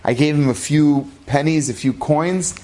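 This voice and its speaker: A man's voice: a little high, moderate pace, dark tone, close to an everyday voice. A man voicing a desperate, tearful young widow who begs a rabbi for help. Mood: pleading. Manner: pleading, tearful.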